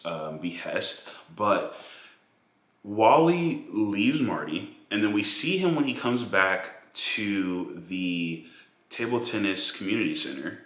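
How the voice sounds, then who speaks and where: Low-voiced man reviewing a film. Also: roomy sound. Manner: animated, mocking quoted voices, many fillers. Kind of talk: casual film review monologue.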